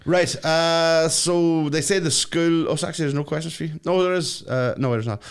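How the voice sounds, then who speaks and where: A man's voice: fairly high pitch, moderate pace, clean tone. A young man co-hosting a podcast, joking, swearing and reading out listener questions. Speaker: podcast co-host. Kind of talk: casual chat.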